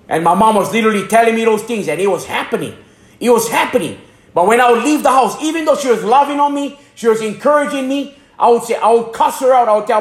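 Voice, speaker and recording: A man from Hawaii with a very high voice gives a fervent religious testimony, repeating phrases and tripping over his words. He sounds like a preacher. The room around him is echoey. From Hana, Maui, Hawaii.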